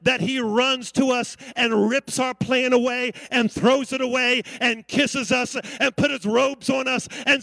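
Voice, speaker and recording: A man's voice: very high-pitched, fairly even intonation, unhurried, gravelly, few pauses, sharp tone, no echo. A man preaching a sermon as pastor, calling out to the congregation for responses. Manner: preaching with call-outs to the congregation.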